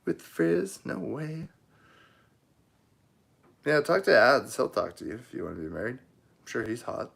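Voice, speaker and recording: A man's voice: mid-range voice, very animated, a little slow, creaky, pauses often, a bit bright. A man hosting a livestream of his knife-making shop, chatting easygoing and joking with viewers as he answers their comments. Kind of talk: casual live chat answering viewer comments.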